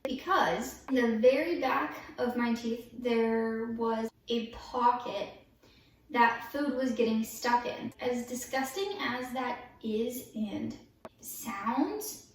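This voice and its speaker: A woman vlogger, in pain after dental surgery, tells her story in a casual, candid, chatty and expressive way. Her voice is fairly high and slow, picked up off-mic from a distance in an echoey room. Faint yard work noise drifts in from outside.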